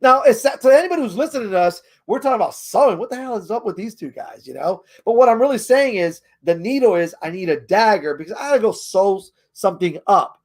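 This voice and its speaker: Sex: man. Role: tutorial host. Style: casual game-rules explainer. Pitch: high for a man. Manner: rambling, chuckling. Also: animated, fast, few pauses. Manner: rambling, chuckles often, trails off while searching.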